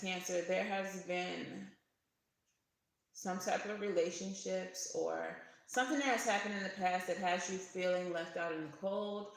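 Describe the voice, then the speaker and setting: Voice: medium pitch, creaky, fairly bright tone. A tarot reader giving a casual reading to camera, chatty, laughing often and swearing now and then. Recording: very echoey room.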